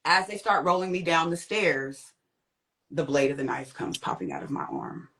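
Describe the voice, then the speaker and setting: A young woman with a lowish voice recounts a personal ordeal as a guest. She tells it vividly, leaping up in pitch whenever she acts out what someone said. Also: lively intonation, moderate pace, fairly bright tone. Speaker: guest sharing a testimony. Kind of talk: personal storytelling.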